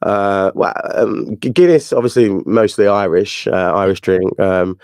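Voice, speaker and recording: A man's voice: lowish voice, measured pace, a little mellow, smooth, dry recording. A man from England with a Northern English accent, a podcast guest who laughs easily and talks with many fillers. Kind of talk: casual interview chat.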